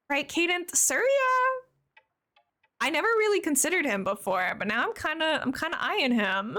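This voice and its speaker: A woman's voice: fairly high pitch, sing-song, a little slow, pushed and bright. A young woman chatting casually as a live streamer while playing, bubbly and talkative, answering her viewers.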